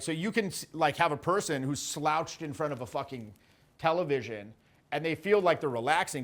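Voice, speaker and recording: A man coaching social skills in a casual, animated way, with the odd swear and quick acted-out quotes. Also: medium pitch. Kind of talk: casual spoken teaching.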